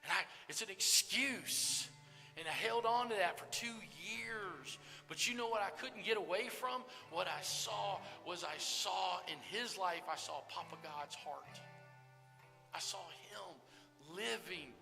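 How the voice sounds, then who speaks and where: An older man giving an earnest testimony sermon, with loud stresses and hushed lines, speaking straight to the crowd. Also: high-pitched, unhurried, gravelly. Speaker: recovery ministry speaker. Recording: live hall recording with reverb and faint music.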